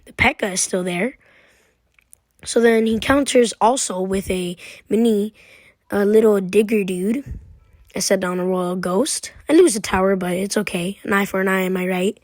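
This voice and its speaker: A woman's voice: medium pitch, steady tone, moderate pace, a little mellow, dry recording, studio quality. A young woman giving casual, playful commentary on her own game, trash-talking her opponent as she walks through each move. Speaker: gaming commentator.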